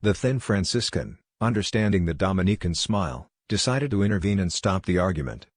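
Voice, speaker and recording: Male audiobook narrator, steady and measured, low voice, dry close mic. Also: no echo.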